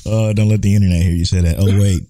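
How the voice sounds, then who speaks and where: A low-pitched man co-hosts a casual podcast, cursing freely and breaking into laughter. His tone is dark and mellow. The recording is close and dry, with no room sound. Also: steady tone, fast talker, no room sound. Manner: swears often, laughs easily, trails off and restarts. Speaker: podcast co-host. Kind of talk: casual chat.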